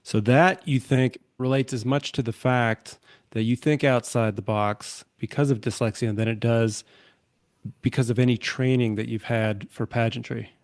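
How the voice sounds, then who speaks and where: A man hosts an interview, putting questions to his guest in a measured, encouraging way. His voice sits at an ordinary middle pitch. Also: fairly even intonation, darkish tone. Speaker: host.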